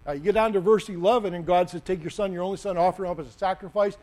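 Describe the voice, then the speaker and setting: Male preacher, high-pitched, animated storytelling delivery, slight mains hum. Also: racing. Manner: animated, acts out the story with sudden loud bursts. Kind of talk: sermon.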